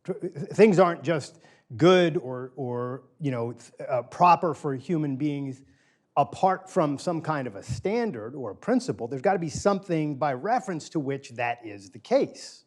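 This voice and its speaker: With a fairly high, darkish voice at a moderate pace, an animated middle-aged man lectures a small group in a room. As a guest lecturer on philosophy, he keeps things loose and conversational, repeating key phrases for emphasis before a live audience.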